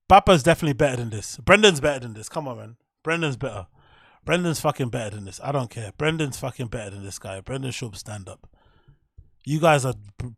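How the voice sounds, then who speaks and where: A man's voice: mid-range voice, fairly bright tone, no room sound, studio quality. A man hosting his own show, swearing and ranting in disbelief as he reacts to clips. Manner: profane, incredulous ranting. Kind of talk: casual livestream commentary.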